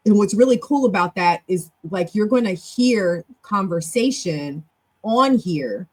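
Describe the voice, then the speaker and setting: A middle-aged woman hosts a relaxed live stream and talks quickly. Her voice jumps high and loud when she gets excited, then drops back to easy conversation. She often restarts her sentences as she goes. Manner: animated and chatty, with big jumps in pitch and loudness; talks fast, with self-corrections. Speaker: show host and club leader. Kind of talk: casual live-stream talk.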